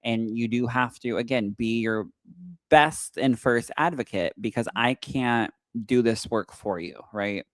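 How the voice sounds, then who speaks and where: A young adult man hosting a casual podcast chat, animated and telling stories by acting out quoted lines. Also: mid-range voice, unhurried, dry recording. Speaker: psychic medium and podcast co-host.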